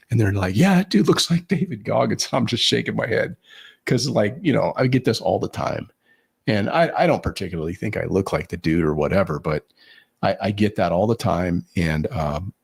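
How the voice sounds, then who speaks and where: A man's voice: lowish voice, creaky, darkish tone, husky. A man co-hosting a podcast, telling rambling stories with many fillers in casual chat. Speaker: podcast co-host.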